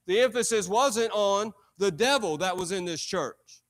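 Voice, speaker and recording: Casting note: male preacher, high voice, emphatic, repeats lines for weight. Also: lively intonation, measured pace, a bit bright. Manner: preaching with emphatic repetition and rising intensity. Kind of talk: sermon. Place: church.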